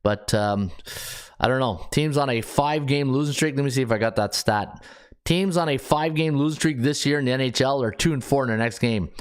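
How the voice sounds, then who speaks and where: A man's voice: mid-range voice, clear, resonant tone. A man hosting a sports betting podcast, thinking aloud as he checks stats, with frequent restarts and filler words. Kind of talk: casual solo analysis.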